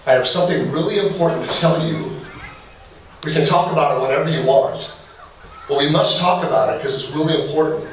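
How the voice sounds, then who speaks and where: A man's voice: a little high, brisk. Man, middle-aged, workshop presenter, conversational and humorous, distant mic, faint background hiss. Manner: humorous, conversational, acts out little dialogues. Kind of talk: casual workshop talk with personal stories. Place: large echoey hall. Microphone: distant room mic. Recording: echoey hall, far from mic, faint noise.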